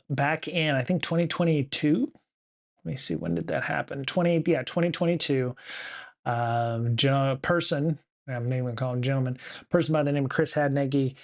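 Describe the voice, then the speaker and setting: Rambling man hosting a livestream. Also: mid-range voice. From United States. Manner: rambling, many fillers and restarts. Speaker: podcast host. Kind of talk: casual livestream chat.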